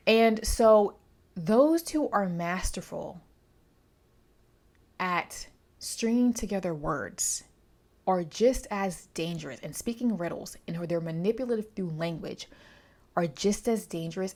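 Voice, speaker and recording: A woman with a fairly low voice talks through a book review in a casual vlog. She is chatty and emphatic, wandering into asides as she goes. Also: creaky, a little mellow.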